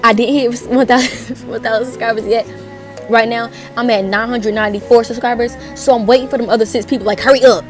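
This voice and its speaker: A young woman vlogging to camera in a chatty, excitable way, gushing and rambling as she says "like" a lot. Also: a little high, brisk, music in the background. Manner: excitable and gushing, leans heavily on "like"; chatty, rambling and self-correcting. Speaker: YouTuber. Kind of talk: casual vlog to camera.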